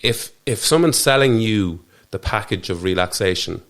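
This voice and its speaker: A podcast guest from Ireland speaks earnestly in a studio during a reflective, conversational interview. Fairly low-pitched yet animated and a bit bright, he keeps a moderate pace while often restarting and trailing off mid-thought.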